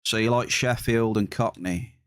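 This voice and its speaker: A man's voice: mid-range voice, normal speed, clean tone, no echo, studio quality. A man with an English accent chatting casually with his live-stream viewers, reading their messages aloud and cheering at big hits. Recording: game music behind.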